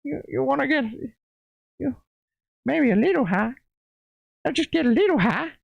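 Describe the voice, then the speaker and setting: A man putting on the voice of a spaced-out male cartoon towel, drawling lazily in a high voice. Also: animated, moderate pace, creaky, no echo, muffled recording, full character voice. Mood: dopey. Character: dopey stoner talking towel, male cartoon.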